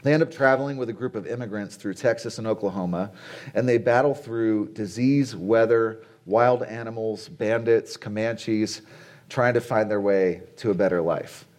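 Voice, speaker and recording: A man in his late forties delivers a conversational sermon to a conference audience, chatting casually and tossing rhetorical questions at the crowd. His voice is on the low side and darkish, with a moderate pace. He's the conference speaker, addressing people at a conference venue.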